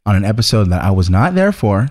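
A man's voice: fairly low pitch, big pitch swings, fast, darkish tone. A young man co-hosting a casual chat, telling stories and laughing often. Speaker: podcast co-host.

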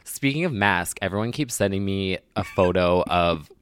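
A man's voice: sits low, animated, normal speed, a little hiss or hum. A young man co-hosting a podcast in a campy, gossipy way, sounding groggy and hungover. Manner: campy, gossipy, lots of likes. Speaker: podcast co-host. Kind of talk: casual chat.

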